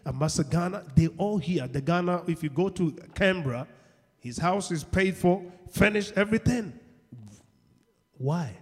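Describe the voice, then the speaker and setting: A man preaching a sermon, asking the congregation questions and shouting at key points, acting out the people in his stories. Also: fairly high pitch, slightly rough. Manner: call-and-response questions, shouts at peaks; acts out quoted people in dialogue. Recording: long hall reverb.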